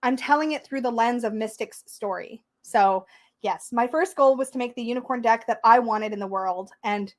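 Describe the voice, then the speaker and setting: Woman, young, livestream host, casual chat, excitable, slightly high voice. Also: moderate pace. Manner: chatty, excitable, reads out viewer comments.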